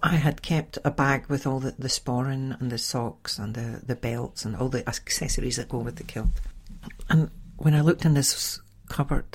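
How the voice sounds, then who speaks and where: A middle-aged woman hosting a podcast, telling a personal story in a chatty, animated way. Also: rumbling low, normal speed, slight background noise. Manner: chatty, animated, with sighs and laughs. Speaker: podcast host. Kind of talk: casual storytelling monologue.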